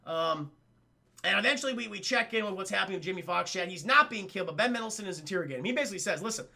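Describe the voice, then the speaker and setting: High, gravelly excitable streamer man. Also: rapid-fire. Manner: excitable, profane, keeps addressing chat. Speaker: streamer and film reviewer. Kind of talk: casual live-stream film recap.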